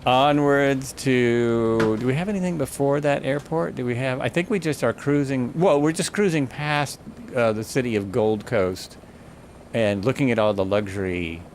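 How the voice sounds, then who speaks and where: A man's voice: on the low side, slight background noise. A man streaming a flight simulator, chatting casually and thinking aloud, often stopping to correct himself. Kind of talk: casual live gameplay commentary.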